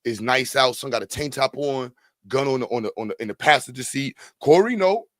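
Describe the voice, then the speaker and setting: A man hosting a comedy talk show, ranting animatedly with sudden loud outbursts. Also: mid-range voice, lively intonation, brisk, dry recording. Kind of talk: comedic rant.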